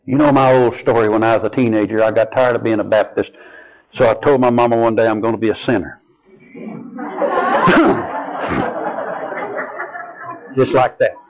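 Older male preacher, dull lo-fi sermon tape. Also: a faint crowd. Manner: slow, earnest, drops to a soft low voice on key lines. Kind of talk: sermon with personal stories. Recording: dull lo-fi recording.

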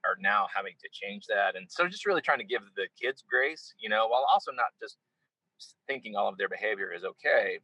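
Animated man, bright husky voice. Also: fairly low pitch, no echo, poor audio. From United States. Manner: animated storyteller who acts out quoted exchanges, heavy on "you know". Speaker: interview guest. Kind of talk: casual conversational interview.

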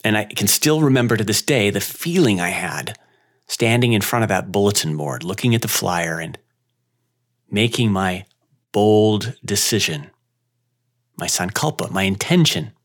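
A man who owns a yoga studio, telling a personal story in an unhurried, reflective way with dramatic pauses. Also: on the low side, animated.

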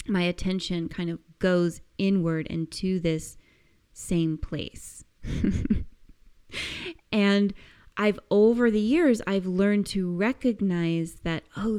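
A woman coaching listeners through a reflective self-help exercise, speaking gently and searchingly with frequent soft laughs. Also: on the low side, clean tone. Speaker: coach giving a weekly task.

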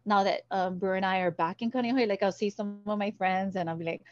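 A woman's voice: mid-range voice, quick pace, dry recording, highs cut off. A woman from Hawaii, a guest telling stories in an interview and acting out the voices in them. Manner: animated, acts out the voices in her stories. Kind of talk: storytelling interview.

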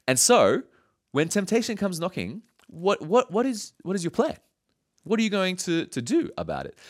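A male pastor preaches with an animated voice that moves up and down a lot. He tells a story in a lively way, with laughs and quick asides. Faint music plays underneath. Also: mid-range voice. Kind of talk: sermon.

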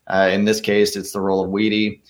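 A man's voice: on the low side, monotone, a little fast. A man in his twenties, an actor guest talking in an earnest, rambling way with many restarts. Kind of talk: casual interview.

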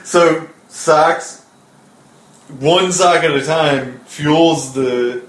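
A man co-hosting a casual podcast, laid-back and quick to laugh while reading listener questions. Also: fairly high pitch. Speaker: podcast co-host. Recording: echoey room.

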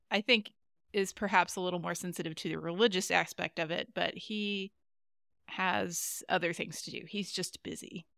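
A woman with a lowish, gravelly voice that still comes across bright, chatting casually as a podcast co-host. She giggles often as she recaps. The sound is close and dry. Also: no echo. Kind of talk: casual episode recap chat.

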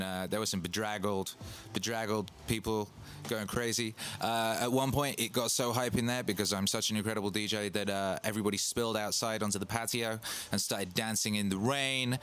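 Hyped man hosting a livestream. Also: lowish voice. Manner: hyped, boastful, repetitive shout-outs. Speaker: livestream host and DJ. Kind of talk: casual livestream chat. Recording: faint music in the background. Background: Christmas music playing.

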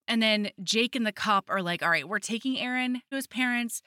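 Speaking at normal speed with hardly any pauses, a podcast co-host recaps a romance novel in a casual, animated way, quoting and performing the characters' lines. Her mid-range voice is smooth, and there's no echo.

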